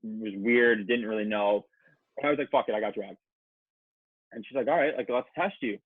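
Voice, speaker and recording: A man's voice: on the low side, brisk, no room sound. A man telling a long, profane story in casual podcast chat, full of quoted back-and-forth and filler words. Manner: profane, rambling anecdote with acted-out quotes. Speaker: podcast guest. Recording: dry, phone-like narrow sound.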